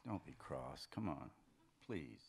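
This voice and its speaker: A man's voice: extremely low pitch, lively intonation, slow pace, vocal fry, crowd noise, full character voice. Andy, a man reading an insecure, pleading lover. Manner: hesitant and pleading, stammers. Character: insecure, anxious man in a secret affair. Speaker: reader of a story's dialogue. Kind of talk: live fiction reading.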